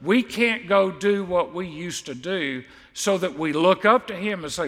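A man's voice: high voice, unhurried, hardly any pauses, fairly bright tone, in a large hall. A man preaching a sermon as pastor, stressing and repeating key words for emphasis.

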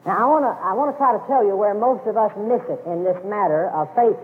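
A man's voice: high voice, fast talker, a little hiss or hum. A man preaching a sermon to a congregation, emphatic and repeating his key phrases. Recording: phone-like lo-fi radio broadcast with long reverb.

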